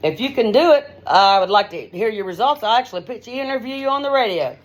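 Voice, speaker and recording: A middle-aged woman radio host giving a rambling, folksy straight-talk monologue, her pitch swinging up and down as she talks. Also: lively intonation, quick pace.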